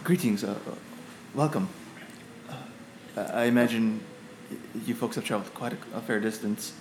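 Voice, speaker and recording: A man voicing a young, gentle female cloud giant queen who speaks politely and haltingly. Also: on the low side, roomy sound, slight background noise, lightly acted, rough recording.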